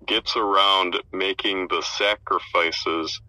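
A man with a very low voice and a strikingly sharp, bright edge shares his reflections in a casual Bible study. He speaks thoughtfully and hesitantly, and his voice is dry and close. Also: steady tone, slow, no echo, rough recording. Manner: hesitant, thoughtful, many fillers. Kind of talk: informal Bible study discussion.

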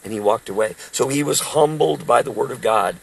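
A man's voice: mid-range voice, fairly quick, creaky, breathy edge, poor audio. A man in his sixties, a street preacher, telling emphatic stories about preaching in a casual talk. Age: 60s. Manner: emphatic, storytelling.

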